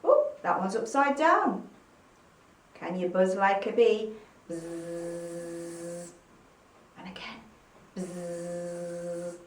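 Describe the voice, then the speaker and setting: A woman teacher with an East Midlands English accent gives a phonics lesson to young children. She talks slowly in a sing-song, encouraging way and acts out each sound. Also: medium pitch, sing-song, a little hiss or hum. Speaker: primary school teacher. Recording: echoey room, mic at a distance.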